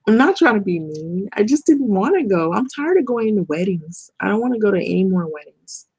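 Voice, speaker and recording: A woman's voice: medium pitch, big pitch swings, normal speed, a little mellow, breathy edge, no room sound. A middle-aged woman talking bluntly and rambling in a casual vlog monologue, swearing and laughing often. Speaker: vlogger.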